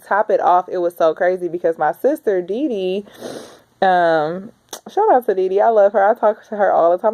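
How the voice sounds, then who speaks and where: A woman in her thirties rambles warmly through a casual video diary, chatting straight to camera. Her voice sits a little low, and the recording sounds slightly dull and lo-fi. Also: smooth. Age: 30s. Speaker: vlogger.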